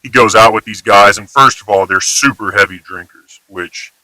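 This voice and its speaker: A man's voice: fairly low pitch, normal speed, bright, forceful tone, no room sound, poor audio. A man from Houston with a Texan accent, talking in an emphatic, rambling, casually profane monologue. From Houston, Texas. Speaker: vlogger.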